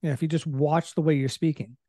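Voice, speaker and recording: A man's voice: a little high, fairly even intonation, quick pace, warm tone, no echo, clean studio sound. A middle-aged man, a leadership trainer, explaining in casual conversation with everyday examples and candor about his own temper.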